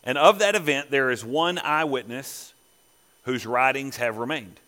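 A man's voice: mid-range voice, unhurried. Man preaching in a reverberant church. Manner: preaching with rising emphatic swells and quiet asides. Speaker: pastor. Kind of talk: sermon. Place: church sanctuary.

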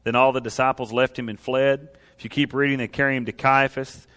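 A man preaching a sermon as a pastor, reading scripture and building to impassioned, loud emphasis. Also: medium pitch, level tone, fairly quick. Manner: preaching, rises to impassioned shouting at climaxes. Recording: long hall reverb.

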